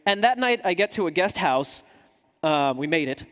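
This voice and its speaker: A man with a notably high voice tells stories in a loose, self-mocking way on a conference stage. His voice rings out through a large hall with a long reverb tail. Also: animated, moderate pace, fairly bright tone. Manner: chatty, self-mocking storytelling. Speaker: podcaster and journalist. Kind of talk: conference talk anecdote. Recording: echoey hall.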